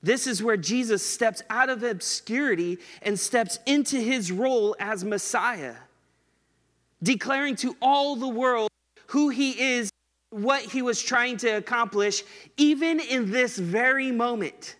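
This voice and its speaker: A man preaching a sermon in a casual, conversational way, slowing down and stretching words to stress them. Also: very high-pitched, a bit bright, long reverb tail. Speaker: pastor.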